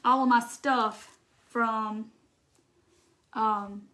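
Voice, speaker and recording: Lady in her 40s chatting thru a live craft video, kinda high voice, rambly, stops and restarts a lot. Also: steady tone, extremely slow, bright, forceful tone. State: tearful at times. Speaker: craft livestream host. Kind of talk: casual livestream chat while crafting.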